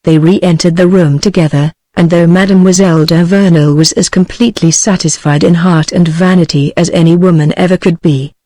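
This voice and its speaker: A synthetic woman's voice with a British English accent, reading a classic novel aloud in an even, steady manner. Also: on the low side, no room sound. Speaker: audiobook narrator. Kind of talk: synthetic audiobook narration.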